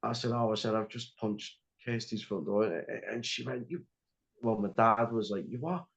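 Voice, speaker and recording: A man's voice: fairly low pitch, steady tone, moderate pace, gravelly, fairly bright tone. A young man telling a story as a podcast guest, rambling with lots of "like" and restarts. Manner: rambling, heavy use of "like" and restarts. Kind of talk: casual storytelling interview. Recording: slightly dull lo-fi audio.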